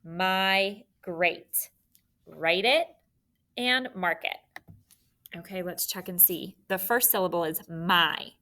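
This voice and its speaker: A woman's voice: fairly low pitch, measured pace, bright, forceful tone. A young woman teaching a spelling lesson by video, patient and encouraging, spelling words out letter by letter.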